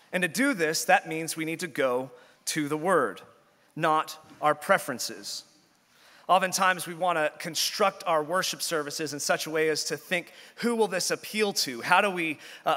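A man's voice: on the high side, sharp tone. A man preaching a sermon as pastor in a church, earnest, with frequent restarts. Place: church sanctuary. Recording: long church-hall reverb.

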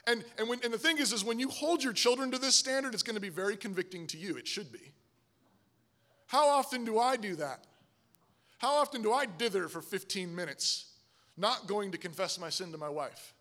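A man preaching a sermon, emphatic, often asking "Right?", swinging from loud stresses to low, quiet asides. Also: animated, a little fast. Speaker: pastor.

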